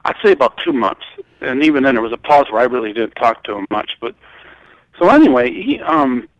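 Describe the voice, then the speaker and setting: An older man from Michigan recounting a personal story in a halting, rambling way, full of restarts. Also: medium pitch, sing-song, no room sound, dull audio. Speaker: guest.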